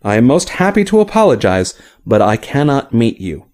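A formal, tired knight with measured, polite speech, read by a man. His pitch moves freely as he apologizes and answers with reserve in a fantasy storybook. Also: very animated, darkish tone, close to an everyday voice. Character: courteous weary knight, formal and restrained.

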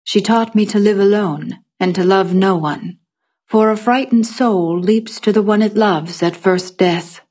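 A woman voicing a gruff grizzled old tanner woman. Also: a little slow, a little mellow, close to an everyday voice. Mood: stern. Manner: low grunting speech.

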